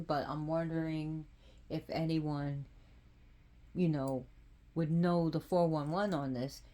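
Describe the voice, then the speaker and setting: A woman talks through spiritual cards in a relaxed, casual vlog. She speaks slowly and haltingly, restarting her phrases often. Her voice sits on the lower side for a woman. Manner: unhurried and halting, with frequent restarts. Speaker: spiritual practitioner presenting oracle cards.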